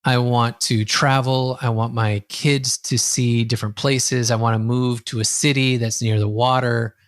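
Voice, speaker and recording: A man who works as a coach, telling a client's story as a podcast guest and acting out the dialogue with a lively voice. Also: mid-range voice, measured pace, no echo, clean studio sound. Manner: lively, acts out quoted dialogue. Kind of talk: conversational storytelling.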